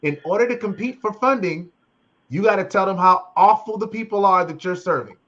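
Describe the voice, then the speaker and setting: High-voiced man, passionate host. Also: a little fast, fairly bright tone, highs cut off. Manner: passionate, preachy, repeats phrases for emphasis. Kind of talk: casual panel conversation.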